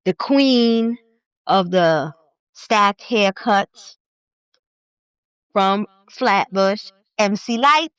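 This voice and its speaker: A woman from New York, a podcast guest, telling stories in an animated, emphatic way. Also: mid-range voice, very slow, pauses often, clean tone, no room sound. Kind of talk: casual conversation.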